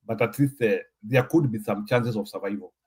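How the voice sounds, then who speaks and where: A man's voice: lowish voice, brisk, darkish tone, slightly rough. A Kenyan man hosting a casual chat, joking and laughing often as he mixes English and Swahili.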